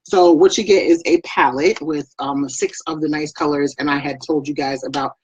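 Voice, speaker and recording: A talkative woman hosts a casual makeup live stream, rambling from one topic to the next and calling out viewers by name. Her voice has a husky grain. The sound is close and dry, with no room around it. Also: sits low, fairly even intonation, normal speed, no echo, rough recording. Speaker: makeup vlogger and beauty product presenter.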